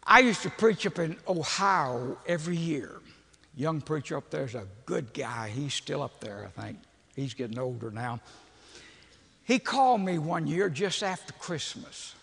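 An older man, preaching as a folksy, animated storyteller who laughs at his own jokes. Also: fairly high pitch, unhurried, vocal fry, breathy edge. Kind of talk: storytelling sermon. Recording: echoey hall with long reverb.

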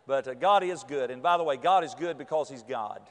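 A man's voice: mid-range voice, a little fast, a little hiss or hum. A middle-aged man from North Carolina, preaching a sermon full of folksy, humorous stories. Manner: folksy, lively storytelling. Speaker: pastor. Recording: echoey hall.

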